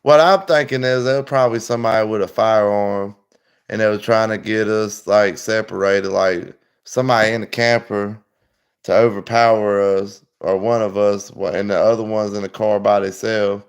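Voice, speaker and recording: A livestream host rambles through over-the-top stories in casual chat, laughing often. His voice sits lowish and clean, with fairly even intonation at a normal speed.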